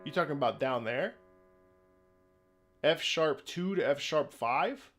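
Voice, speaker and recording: A male streamer chatting casually with his viewers, relaxed and musing as he answers their questions. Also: a little high, slow pace. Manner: relaxed, musing, talks to chat. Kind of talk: casual live-stream chat. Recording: game music playing faintly behind. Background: video game music.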